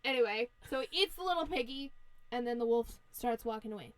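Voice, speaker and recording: A woman's voice: fairly high pitch, lively intonation, fast. A woman podcast host casually retelling a fairy tale in a profane, slangy, playful way. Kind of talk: casual storytelling chat.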